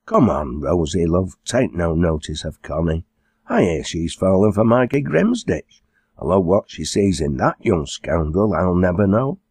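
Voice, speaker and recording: Fussy kind farm mum, middle-aged, a bit raspy, male narrator doing her. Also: low-pitched, big pitch swings, a little slow, a little mellow, no echo, heavily acted. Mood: motherly. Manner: kindly, fussing. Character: warm motherly farmer's wife, middle-aged.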